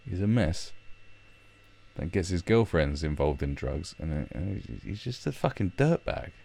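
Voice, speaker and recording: A man's voice: low-pitched, sing-song, a little slow, creaky, mellow. A man hosting a livestream, ranting bluntly and mockingly, with plenty of swearing. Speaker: livestream commentary host. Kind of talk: casual ranting commentary.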